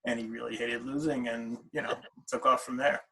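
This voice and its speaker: A man's voice: mid-range voice, fairly even intonation, moderate pace, gravelly, pushed and bright, breathy edge, low-quality recording. A middle-aged man, a wrestler's father, telling stories in a casual interview, with many fillers and restarts.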